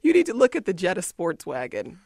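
A woman's voice: lowish voice, wildly swooping pitch, brisk, darkish tone, no room sound, studio quality. A woman radio host talking casually in an interview, good-humored and chatty.

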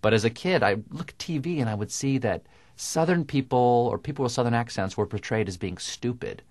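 A man with crisp, precise diction, talking in a dry, self-mocking way as a guest in a radio interview. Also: mid-range voice, animated, a little fast, darkish tone, dry recording. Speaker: guest comedian.

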